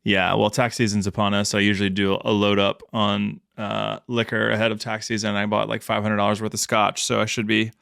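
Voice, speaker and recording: A man's voice: on the low side, completely flat delivery, brisk, creaky, few pauses, fairly bright tone, smooth, dry recording, studio quality. A man in his thirties co-hosting a podcast, chatting casually with jokes and the odd swear word. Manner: laid-back, joking, swears casually. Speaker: podcast co-host. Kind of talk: casual chat.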